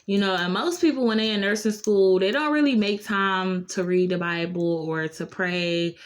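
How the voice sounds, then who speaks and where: A woman's voice: mid-range voice, moderate pace. Earnest woman nurse telling a faith story. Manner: earnest, faith-filled encouragement with frequent "like" fillers. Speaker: nurse and vlogger. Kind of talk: casual storytime vlog.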